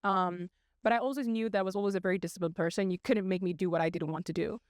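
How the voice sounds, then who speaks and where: A young woman from Congo, raised in South Africa, speaking as a podcast guest and telling her story in a measured, articulate way. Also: lowish voice, dry recording, clean studio sound. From Democratic Republic of Congo, raised in South Africa. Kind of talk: casual interview chat.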